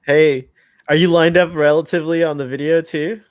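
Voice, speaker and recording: A man's voice: a little high, fairly even intonation, brisk. A man co-hosting a casual fan commentary, playful and chatty, often laughing at what he sees. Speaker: podcast co-host.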